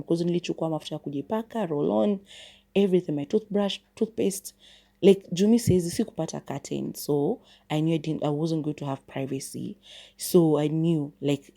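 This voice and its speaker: A woman's voice: sits low, mellow. A Kenyan woman hosting a podcast, telling a personal story in a chatty, casual way, switching between English and Swahili. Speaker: podcast host.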